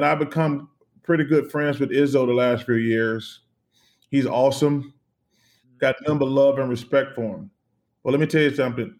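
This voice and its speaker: A middle-aged man from the United States, a guest in an interview, telling stories in an animated, emphatic way, repeating phrases and swearing casually. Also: mid-range voice. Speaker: interview guest, former basketball player.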